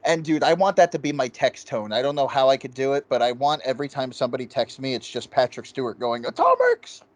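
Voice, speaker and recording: A man co-hosting a casual movie review chat, talking excitedly and swearing often. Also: medium pitch, fast talker. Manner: excited, profane, quotes scenes in goofy voices. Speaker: podcast co-host.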